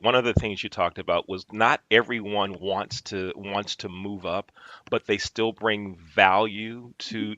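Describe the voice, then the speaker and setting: A man's voice: fairly low pitch, sharp tone, no room sound, dull audio. A man hosting a casual podcast interview, telling stories with frequent restarts. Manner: storytelling with restarts. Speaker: podcast host.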